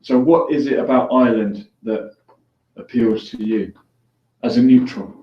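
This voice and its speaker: A man's voice: mid-range voice, measured pace. A man hosting a call-in show, chatting casually with callers, joking and laughing easily. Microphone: headphones on, mic at a distance. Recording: echoey room, distant dull lo-fi mic.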